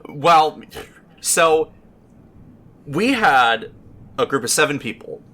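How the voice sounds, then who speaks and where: A man chats on a podcast, his voice bright and forceful. He rambles through a story with plenty of "um"s and casual swearing. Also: on the high side, sing-song, slow. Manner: profane, rambling, full of fillers. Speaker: podcast panelist.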